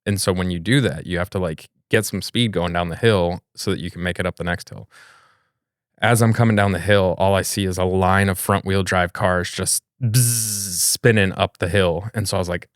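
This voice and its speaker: Deep-voiced guy from new york ranting casually, swears a lot, dry sound. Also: fairly even intonation, moderate pace, no echo. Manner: ranting, blunt, swears freely. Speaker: podcast co-host. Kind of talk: casual chat.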